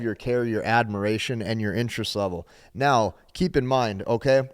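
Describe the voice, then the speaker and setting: A man's voice: mid-range voice, a little mellow. A man giving dating advice straight to camera, emphatic and repetitive, often checking in with "okay?". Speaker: dating coach. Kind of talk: direct-to-camera advice talk.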